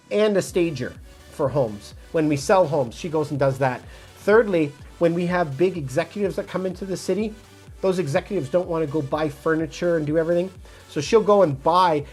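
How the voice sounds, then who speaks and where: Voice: mid-range voice, a little mellow, slightly rough. A realtor from Montreal, Canada, answering viewers' comments on a phone livestream in a direct, casual, motivational way. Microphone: phone mic.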